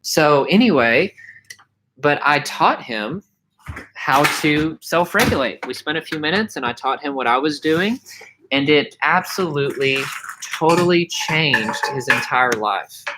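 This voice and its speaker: A man teaching course members about calming anxiety in a loose, unscripted talk. He speaks earnestly, repeats and restarts words, and keeps checking in with "okay?". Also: a little high, a little slow, noisy background. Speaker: anxiety recovery coach. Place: home, mowing heard outside.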